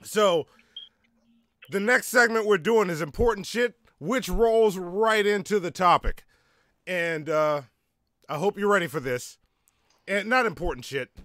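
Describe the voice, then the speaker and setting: Profane podcast host, dry sound. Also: male voice, high-pitched, measured pace, pauses often, a bit bright, no echo. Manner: loose and profane, steering the show along. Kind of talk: casual podcast banter.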